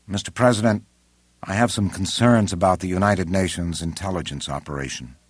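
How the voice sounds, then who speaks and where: A man's voice: sits low, husky, dry recording. A man doing a cautious intelligence chief. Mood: measured. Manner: measured, respectful, earnest. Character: composed middle-aged male intelligence chief, cautious.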